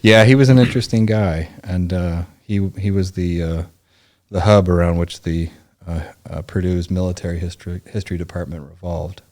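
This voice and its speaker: A man in his forties from Indianapolis, a guest on a podcast interview, telling his own story in a halting, rambling way with many restarts. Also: sits low, steady tone, a little mellow. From Indianapolis, United States. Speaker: podcast guest, former Navy SEAL and historian.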